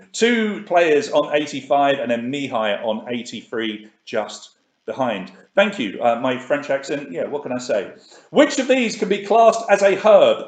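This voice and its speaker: Male quiz host, chatty and upbeat, slightly higher voice, echoey room. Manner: chatty, reads questions and options twice. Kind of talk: live online quiz hosting.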